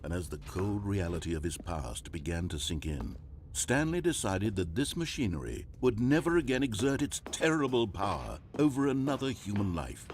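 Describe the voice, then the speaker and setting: A man's voice: lowish voice, big pitch swings, normal speed, slight background noise. A man playing a wry, all-knowing storyteller narrator in a video game, with a dry, mock-dramatic delivery. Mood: narrating. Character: wry omniscient adult male storyteller narrator.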